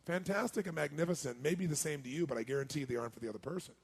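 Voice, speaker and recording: Gravelly raspy guy at a seminar, high-ish voice, keeps asking the crowd questions. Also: expressive, fast, hardly any pauses. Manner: punchy, asks the audience questions and repeats key lines. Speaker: motivational seminar speaker. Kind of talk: motivational seminar talk to a live audience.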